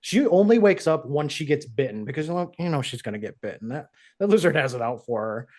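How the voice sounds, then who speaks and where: A man co-hosting a podcast, chatting casually through an episode recap. He keeps slipping into the characters' lines as he tells it. His voice sits a little higher than most men's. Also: fast. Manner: animated, acts out characters' lines while retelling. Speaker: podcast co-host.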